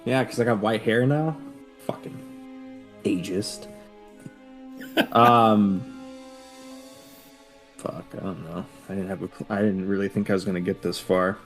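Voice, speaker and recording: A man's voice: on the low side, unhurried, long pauses, soft background music. A man playing a tabletop game in casual, joking talk with some swearing. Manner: joking, profane. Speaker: player.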